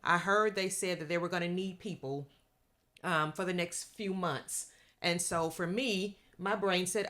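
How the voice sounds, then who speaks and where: A woman's voice: on the low side, fairly even intonation, a little slow, sharp tone. A woman, a guest background actor, telling her story in an easygoing way. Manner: easygoing, laughs as she tells. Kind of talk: casual storytelling.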